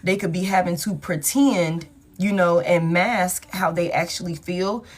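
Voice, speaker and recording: A woman's voice: fairly low pitch, unhurried. A woman reading tarot cards for her viewers in a casual, blunt, profane way, talking straight to them. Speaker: tarot reader.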